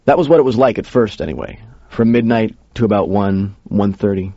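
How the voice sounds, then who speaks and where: A man's voice: lowish voice, a little fast, mellow, dry recording. A man narrating a first-person story in a casual, conversational way. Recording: dull lo-fi recording.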